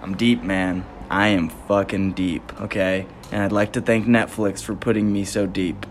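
A young man hosting a podcast alone, ranting and rambling, swearing constantly and breaking into laughter, his volume swinging from loud outbursts down to mumbles. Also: low voice, fairly even intonation, normal speed, a little hiss or hum. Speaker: podcast host. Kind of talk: solo comedic podcast rant.

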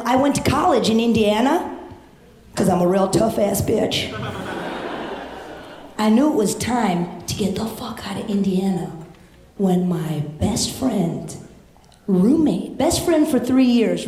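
A young adult woman doing a stand-up comedy set, brash and profane, jumping up to shout her punchlines. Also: mid-range voice, lively intonation, takes it slowly, long pauses. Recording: echoey live club.

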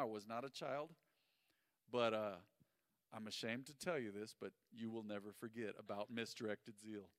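A man preaching a sermon as pastor, telling stories animatedly and swinging between loud and hushed. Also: mid-range voice, no room sound, clean studio sound, big-room sound.

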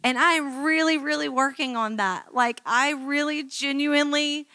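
A woman's voice: high voice, normal speed, sharp tone, no echo. A middle-aged woman pastor preaching a sermon in a chatty, self-mocking storytelling way, acting out quotes from her own life.

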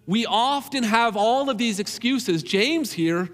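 A man's voice: very high voice, lively intonation, takes it slowly, big-room sound, soft background music. A man preaching a sermon in an earnest, emphatic way, repeating key phrases to drive them home.

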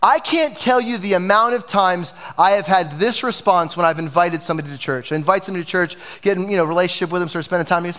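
A man's voice: high-pitched, fast talker, hardly any pauses, a bit bright, in a large hall. A man preaching a sermon as pastor, passionate and emphatic, in a church sanctuary.

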